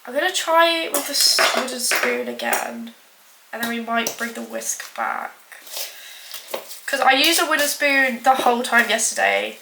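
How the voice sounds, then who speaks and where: A young woman with a high, light voice rambles through a home baking vlog, poking fun at herself and filling every pause with "like". The kitchen sounds echoey, and dishes and pans clatter in the background. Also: very animated, gravelly, background noise. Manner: rambling, self-mocking, full of filler "like". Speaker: baking vlogger. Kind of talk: casual chatty vlog.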